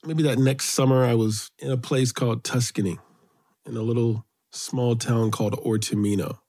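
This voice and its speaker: A middle-aged man from Brooklyn, New York, guest in an interview, telling childhood stories in an animated way, his voice lifting when excited. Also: moderate pace. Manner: animated storyteller, rises in pitch when excited. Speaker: guest, children's author and poet. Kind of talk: storytelling interview.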